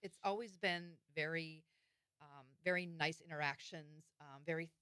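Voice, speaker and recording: A woman comedian with a strong Wisconsin accent chats easily as a guest, with plenty of ums. Her voice sits low for a woman but sounds bright, recorded dry and close. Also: normal speed, smooth, dry recording. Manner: easygoing, with frequent ums. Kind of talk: casual chat.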